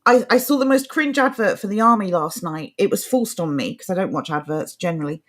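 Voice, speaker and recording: A woman's voice: medium pitch, expressive, fairly quick, a bit bright. A woman co-hosting a live chat show, reading viewer comments in a chatty, laughing way. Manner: chatty, laughing, trailing off and restarting. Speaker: co-host of a live news-reaction show.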